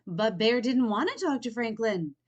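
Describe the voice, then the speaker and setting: A woman storyteller reading a picture book aloud to children, expressive and pausing to explain words. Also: fairly high pitch, muffled recording.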